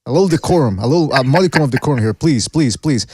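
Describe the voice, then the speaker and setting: A man hosting a casual panel podcast, reading out chat shout-outs and trying to keep the panel in order. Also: medium pitch, animated, racing, a little hiss or hum. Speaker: podcast host.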